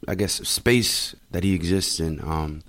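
A man's voice: low-pitched, measured pace, a bit bright. A young man, a guest actor, chatting casually and joking about himself in a laid-back way. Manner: laid-back, self-deprecating. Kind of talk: casual chat.

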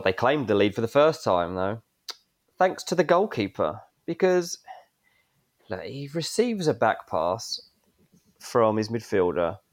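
A man co-hosting a football podcast, recounting a match moment with lively, building excitement. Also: on the low side. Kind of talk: animated storytelling of a match moment.

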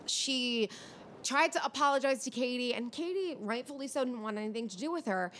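Podcast host, young woman, slightly high voice, fired-up casual rant, faint low rumble underneath. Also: fairly quick. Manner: ranting, animated, frustrated. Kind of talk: casual reality TV recap.

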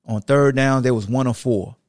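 A man hosting a sports podcast, recapping a football game in an animated, slangy rant that swings between shouting and muttering. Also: medium pitch, moderate pace, no echo, clean studio sound.

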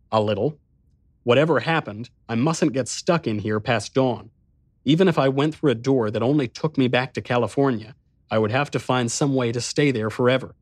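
A man narrates a story in the first person with tense, breathless intensity. His voice is mid-pitched and recorded close in a dry studio booth. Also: no room sound.

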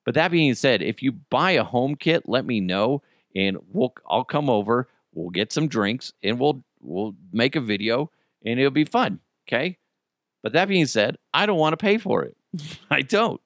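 A man's voice: mid-range voice, dry recording, clean studio sound. A man hosting a comedy podcast, talking in a crude, joking, rambling way. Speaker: podcast host.

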